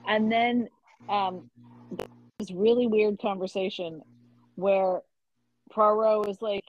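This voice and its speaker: A woman's voice: medium pitch, fairly even intonation, slow pace, pauses often, dry recording. A woman in casual conversation, retelling scenes from a novel and quoting its characters. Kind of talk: casual book discussion. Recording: dull lo-fi mic.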